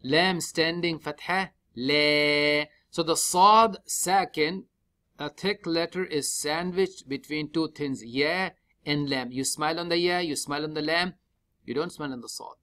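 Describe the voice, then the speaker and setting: A man teaching tajweed step by step in a mosque, spelling out letters and vowels one at a time and chanting the verses slowly and drawn out. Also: on the high side, pushed and bright. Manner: slow, drawn-out chanting when reciting. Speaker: Quran recitation teacher.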